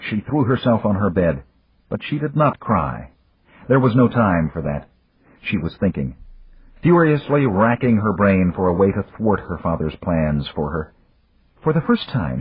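A man narrating an audiobook with measured, even storytelling. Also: low-pitched, breathy edge, no room sound. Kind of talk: scripted narration. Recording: dry, tinny phone-like audio.

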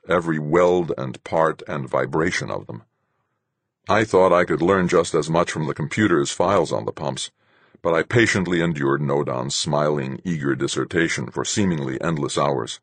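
An audiobook narrator with an extremely deep, husky voice tells a first-person story in a measured, even delivery. The recording is close and dry, with no room sound or echo.

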